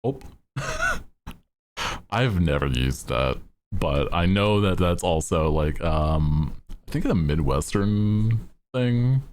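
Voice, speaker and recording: A man's voice: sits low, wildly swooping pitch, takes it slowly, long pauses, a little mellow, a little hiss or hum. A male streamer chatting casually in a laid-back, slangy way and laughing often.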